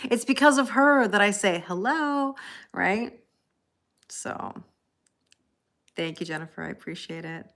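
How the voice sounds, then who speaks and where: A woman's voice: medium pitch, a bit bright. A woman reading tarot on a casual live stream, chatting with viewers by name and laughing often. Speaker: tarot reader.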